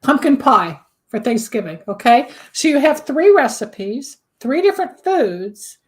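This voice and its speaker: A woman host with a slightly high voice talks in a loose, chatty way. She explains things through homely examples. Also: sing-song, unhurried. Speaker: host, candle magic practitioner. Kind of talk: casual talk show chat.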